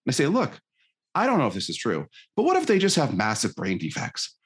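A man's voice: medium pitch, a little fast, husky. A man in a casual podcast conversation, telling coaching stories and acting out the dialogue. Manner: animated storytelling, acting out dialogue.

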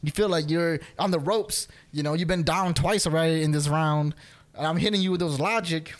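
Male podcast co-host, higher-pitched, animated storyteller, acts out both sides, laughs a lot. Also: moderate pace. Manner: laughs often, swears casually. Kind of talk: casual chat.

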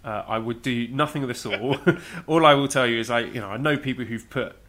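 A man on a casual podcast who works steadily through a list, weighing each option in a measured way. His voice is bright and clear at an ordinary pitch. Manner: methodical, runs through lists, measured. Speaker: podcast co-host. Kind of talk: casual podcast chat about wrestling.

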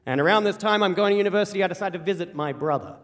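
An Australian man from rural South Australia telling a comic personal story live on stage, animated and quick with repeated phrases. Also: high-pitched. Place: theater stage before a live audience. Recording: long hall reverb from a live venue.

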